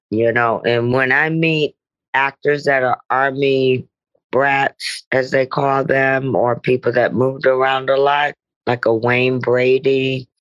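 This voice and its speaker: Slow, reflective middle-aged woman. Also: extremely low pitch, lo-fi sound. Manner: reflective, meandering, many "you know" asides. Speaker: guest actress. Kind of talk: conversational podcast interview.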